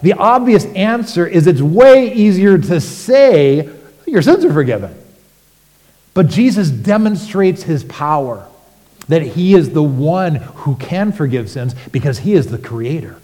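A man preaching a sermon as pastor, animated and rhetorical, with sudden emphatic rises. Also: high-pitched, in a large hall.

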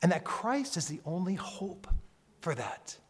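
Slow-preaching man in a reverberant church. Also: high voice, very animated, breathy edge. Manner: slow, emphatic preaching, dropping to near-whispers and rising to loud calls. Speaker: pastor. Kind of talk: sermon. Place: church sanctuary. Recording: long hall reverb.

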